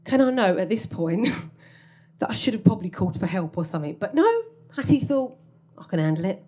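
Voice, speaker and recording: A woman's voice: a little high, lively intonation, fairly quick, warm tone, breathy edge. A woman telling a comic story from her own life on stage, wry and self-mocking, often laughing through her lines.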